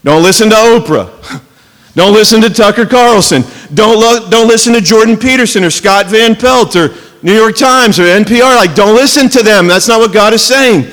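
A man preaching a sermon from the pulpit, his voice sitting high for a man. He tells stories in a chatty, joking way, then slows down and leans hard on key words. The sound rings out with the long reverb of a church hall. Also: a bit bright. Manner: conversational storytelling with jokes and asides. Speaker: pastor.

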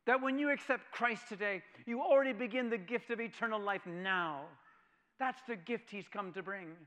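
A man preaching a sermon who swings from loud proclamation to a hushed near-whisper, repeating phrases and asking his hearers questions. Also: high voice, normal speed. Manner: repeats phrases for emphasis and asks the audience questions.

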